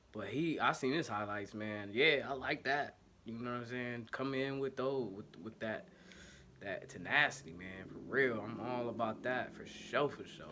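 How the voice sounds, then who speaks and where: A man's voice: mid-range voice, sharp tone. A man from Ohio with an Ohio accent, hosting casual one-take fan commentary in a loose, slangy way. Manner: loose, slangy, self-correcting and apologetic about technical trouble. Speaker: sports podcast host. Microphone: home setup, single take.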